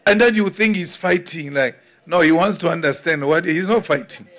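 A South African man giving an emphatic political speech to an audience, repeating his points with deliberate force. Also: sits high, a bit bright.

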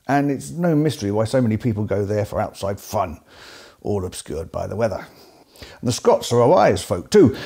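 A man with an English accent delivers scripted comic narration in a dry, sardonic way. His voice is mellow and warm, with a medium pitch that sits in the middle of the male range. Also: husky. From England. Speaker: host.

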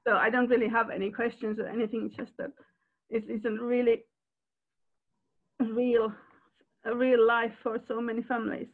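Brief: older woman foster carer, halting and tearful, high voice, tinny phone-like call audio. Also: little pitch movement. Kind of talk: sharing in a Q&A. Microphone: video call.

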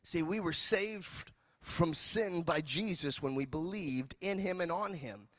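A man from California preaching a sermon as pastor, telling jokes and stories in an animated way. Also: on the high side, measured pace, no room sound. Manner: animated, joking storyteller. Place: church.

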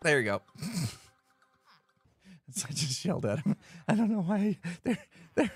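A man's voice: high-pitched, big pitch swings, a little slow, long pauses, husky, dry recording. A man giving playful gameplay commentary, laughing and mock-scolding the villagers in his game. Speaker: Minecraft player.

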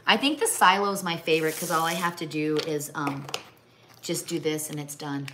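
A middle-aged Midwestern woman chats on a home livestream while her hands are busy with a craft. Her voice sits on the low side, and she rambles and trails off into asides. A faint hum of room noise stays under her speech. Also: moderate pace, a bit bright. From American Midwest. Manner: chatty, rambling, talks to her pets mid-sentence. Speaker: livestream host. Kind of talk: casual chat while crafting. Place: home kitchen or craft table.

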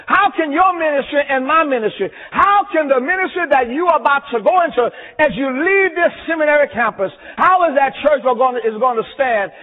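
A man preaching a chapel sermon, rhythmic and repetitive, building to shouts. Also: very high-pitched. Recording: tinny, echoey chapel recording.

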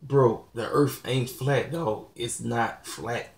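In a casual rant to his viewers, a young channel host gets blunt and preachy, laughing at his own asides. His creaky, medium-pitched voice moves slowly, echoing around a roomy space.

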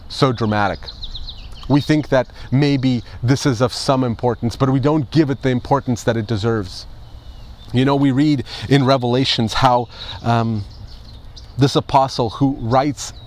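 A male pastor delivering an Easter sermon, emphatic, with rhetorical questions and repeated phrases. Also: medium pitch.

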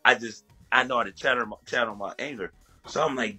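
A man's voice: mid-range voice, fairly quick, bright, forceful tone, breathy edge, faint music behind. A man from the USA telling a story as a guest, casual and profane, often laughing between lines.

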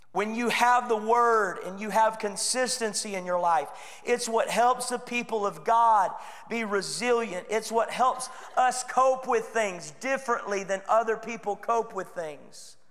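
A Texan man preaching in a church sanctuary, his voice sitting fairly high as he talks earnestly and conversationally to the congregation. He acts out little quoted lines along the way. The room's long reverb trails behind every phrase. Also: a bit bright. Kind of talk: sermon.

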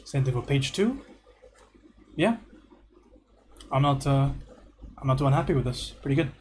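A man teaching art on a livestream, going through student homework and giving relaxed, encouraging feedback. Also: mid-range voice, normal speed, a little hiss or hum. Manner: relaxed and encouraging, thinks aloud with repeated praise.

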